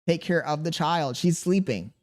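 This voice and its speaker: Male streamer in his thirties, a touch high-pitched, reads chat and vents, defensive and exasperated. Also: animated, normal speed. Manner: exasperated, defensive venting with slang. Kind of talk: live-stream chat reading.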